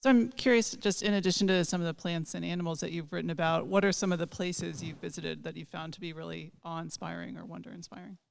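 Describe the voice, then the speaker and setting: A woman's voice: fairly low pitch, fast, creaky, few pauses, clear, resonant tone. A woman in the audience asking a question, recorded from away from the microphone in a large hall.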